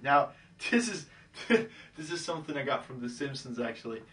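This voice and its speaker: The voice is a man's, mid-range and a bit bright, with a sing-song lilt at a moderate pace, heard through a distant mic. As a dating coach giving casual advice, he keeps saying "okay?" and breezily performs pickup lines in quoted voices.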